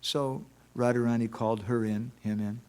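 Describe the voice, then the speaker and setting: A man's voice: mid-range voice, fairly even intonation, moderate pace, darkish tone, clear, resonant tone. Man, temple lecturer; conversational devotional talk with stories and rhetorical questions. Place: temple hall.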